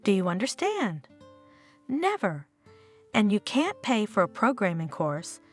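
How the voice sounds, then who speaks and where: A woman reading as a worried mother, sharp with reproach and indignation, with her pitch swinging widely. Soft guitar music runs underneath this story reading. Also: huge pitch swings, a little slow. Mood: indignant. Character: indignant, anxious mother, worried about money.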